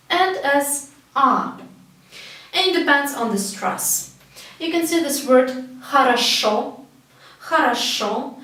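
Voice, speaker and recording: A Russian-accented woman who speaks Russian natively, teaching a spoken language lesson slowly and carefully and repeating words for learners. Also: high voice, heavy reverb, distant mic, rough recording.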